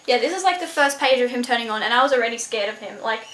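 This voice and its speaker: A young woman reviewing a book in a casual vlog, excitable and gushing, full of "like" and swearing. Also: fairly high pitch, rapid-fire, slight background noise. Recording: echoey room.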